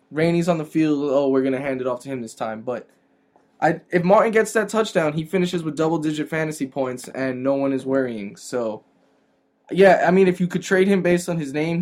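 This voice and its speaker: His voice sits a little high with a darkish tone. In relaxed sports banter on the fantasy football podcast he co-hosts, he makes his case earnestly, leaning on statistics.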